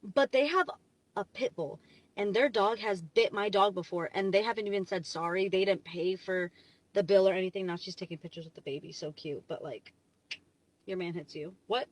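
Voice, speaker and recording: A young woman telling a storytime vlog into her phone from her parked car, rambling and excitable, packing her talk with "like". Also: medium pitch, moderate pace, poor audio. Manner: chatty, rambling, heavy "like" fillers, excitable. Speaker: vlogger.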